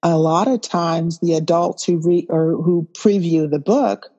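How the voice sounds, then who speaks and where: A woman guest on a podcast, speaking in a measured, thoughtful way and listing things out slowly. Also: fairly low pitch, steady tone, warm tone, muffled recording. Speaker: guest, farmer and author. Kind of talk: podcast interview. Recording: roomy with long reverb.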